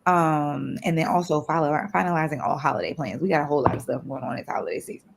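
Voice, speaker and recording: A woman in her thirties hosting a casual accountability call, animated and exclaiming in high bursts. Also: quick pace, vocal fry, a little hiss or hum. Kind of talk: casual group video call chat.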